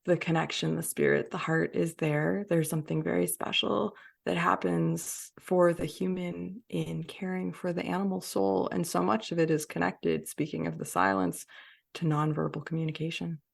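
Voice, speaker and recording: A woman's voice: lowish voice, normal speed, gravelly. A woman hosting a conversational podcast, talking reflectively and laughing often. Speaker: podcast host.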